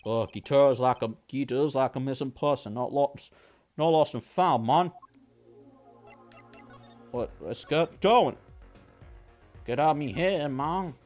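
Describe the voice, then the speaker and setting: A man's voice: medium pitch, takes it slowly, pauses often, darkish tone, lightly acted. A man voicing a laid-back male rock guitarist in a drawling, slangy mock accent, over faint game music.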